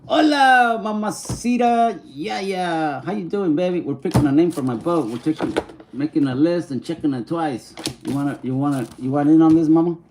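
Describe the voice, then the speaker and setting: A man's voice: a little high, noisy background. A man chatting casually on a livestream, reading viewer comments and mixing English and Spanish slang. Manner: easygoing, mixes English and Spanish slang, sounds out names slowly.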